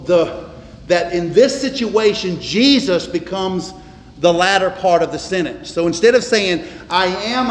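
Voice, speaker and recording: A man preaching a sermon as a pastor, emphatic, repeating words and slowing down for stress. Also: high-pitched, slight background noise. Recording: echoey hall, faint ambience.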